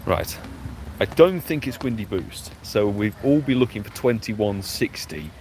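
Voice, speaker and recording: A man's voice: fairly low pitch, expressive, a little slow, a little mellow. A man hosting a live stream, chatting casually, greeting viewers by name and catching his breath. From United Kingdom. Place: outdoors by a road. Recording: clear outdoor traffic noise.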